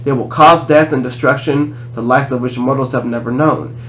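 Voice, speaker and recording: A man reading aloud, voicing a monster posing as a male teacher, slow and sinister. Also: mid-range voice, fairly even intonation, a little hiss or hum, close to an everyday voice, low-quality recording. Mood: menacing.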